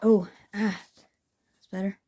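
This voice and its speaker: A woman with a soft, mellow tone talks through a scrapbooking project in a relaxed, chatty way. She gushes with enthusiasm and often restarts her sentences as she thinks aloud. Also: medium pitch, slow, husky. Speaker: craft vlogger. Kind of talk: casual craft tutorial chat.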